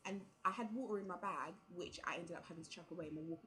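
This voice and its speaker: A woman's voice: on the low side, fast, bright, forceful tone, a little hiss or hum, rough recording. A young woman, telling a travel story casually to camera and filling it with "like" and quoted dialogue. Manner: chatty, full of "like" and quoted dialogue. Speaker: vlogger.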